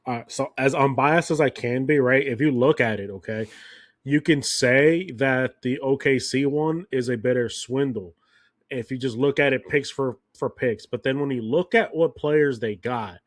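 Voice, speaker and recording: Young man, podcast co-host, casual sports chat, animated, swears, close dry sound. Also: medium pitch, normal speed, no room sound. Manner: animated storyteller, swears freely.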